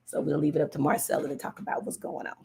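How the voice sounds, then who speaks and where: A woman's voice: sits low, level tone, fast, creaky, dark tone, a little hiss or hum. A woman hosting a casual political livestream, talking emphatically, repeating her points and answering viewers' comments. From California. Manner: chatty, emphatic, repeats herself, reads viewer comments aloud. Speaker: livestream host.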